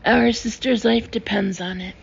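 A woman's voice: medium pitch, steady tone, moderate pace, gravelly, slightly rough, lo-fi sound, exaggerated voice. A woman voicing a blunt, defiant teenage boy in a storybook reading.

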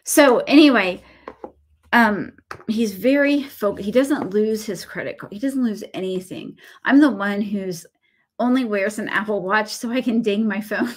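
A woman's voice: mid-range voice, unhurried. A woman in her thirties with a Southern American accent, hosting a casual craft livestream and rambling through stories with lots of fillers and self-deprecating asides.

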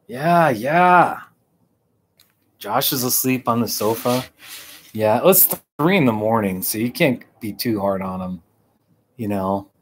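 A man live-streaming from a hammock outdoors, chatting casually and rambling with a relaxed, drawn-out manner. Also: mid-range voice, breathy edge.

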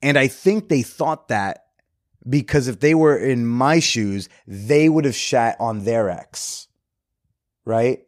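A man in the middle of his pitch range talks candidly and casually as a podcast host, swearing freely while reflecting on himself. The recording is dry, with no room sound around his voice. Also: slow pace, no room sound. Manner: candid, profane, self-reflective. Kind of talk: casual storytelling.

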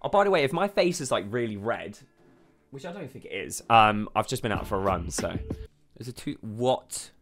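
A man's voice: fairly low pitch, animated, normal speed, fairly bright tone, soft background music. A man hosting a reaction video. He talks casually, exclaims a lot, swears freely and laughs often.

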